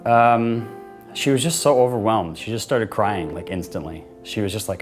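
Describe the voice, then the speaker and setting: Over soft guitar music, a man speaking in a lowish voice at a fairly quick clip shares the story of his proposal to camera. His delivery is loose and casual, filled with "like" and "you know," as he recreates what he and his partner said.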